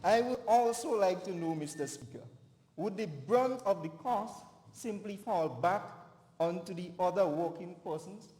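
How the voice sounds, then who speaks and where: Young Grenadian male debater, high-pitched, deliberate and emphatic, recorded in a reverberant chamber. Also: animated, mellow, soft background music. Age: young adult. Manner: emphatic, deliberate, stresses words. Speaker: youth parliament opposition member. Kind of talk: formal parliamentary debate speech. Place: large parliament chamber. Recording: echoey chamber with long reverb.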